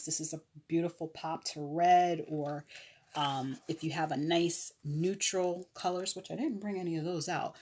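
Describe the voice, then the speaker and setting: Low, slow-talking woman showing nails. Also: darkish tone. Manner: chatty, with fillers and self-corrections. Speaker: online nail seller. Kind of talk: casual live product demo. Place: live stream.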